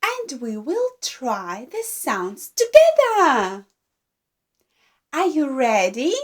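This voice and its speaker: Woman, baby speech teacher, very slow, gentle drawn-out words, exaggerated animal sounds. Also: high-pitched, huge pitch swings. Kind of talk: slow modelled speech for babies.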